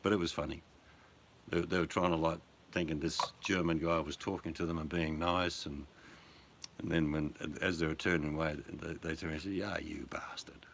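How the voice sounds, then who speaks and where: Older Australian man, low and bright-toned, casual rambling storyteller. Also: level tone, normal speed, a little hiss or hum. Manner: rambling storyteller, chuckling, loud put-on voices in anecdotes. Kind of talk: casual chat.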